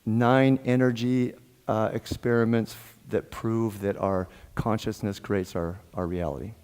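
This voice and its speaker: A man's voice: fairly low pitch, unhurried, smooth. A man giving a sermon as a guest minister, telling jokes and stories, laughing often and acting out the dialogue in his stories. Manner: animated, laughs often, acts out quoted dialogue. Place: church sanctuary. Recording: long hall reverb.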